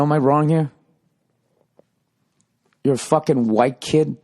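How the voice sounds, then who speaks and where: A man tells a comic anecdote on his podcast in a loose, rambling monologue, swearing freely and checking in with the listener constantly. His voice sits at an ordinary middle pitch, and the delivery is casual and conversational. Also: warm tone. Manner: rambling, profane, conversational, lots of "you know". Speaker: podcast host. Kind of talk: casual comedic storytelling monologue.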